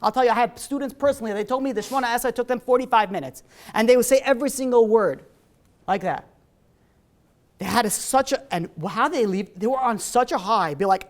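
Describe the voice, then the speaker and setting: A man's voice: very high voice, fairly quick. A man, a rabbi giving a holiday sermon in a synagogue, telling stories and acting out the people in them in a loose, conversational way with frequent fillers. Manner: animated storyteller, voicing characters in dialogue. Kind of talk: holiday sermon with acted-out anecdotes.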